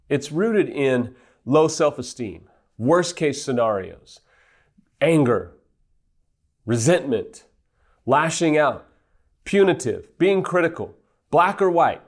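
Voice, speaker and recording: A man giving an earnest teaching talk as a recovery counselor, stressing his points in lists. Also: fairly high pitch. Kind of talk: teaching monologue.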